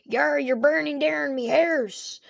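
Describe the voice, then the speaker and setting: A woman putting on a grumpy old-school pirate fox animatronic. He has a higher, louder, slow, drawn-out pirate drawl with a gravelly edge. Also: heavily acted. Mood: indignant. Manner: pirate talk, loud and drawn out.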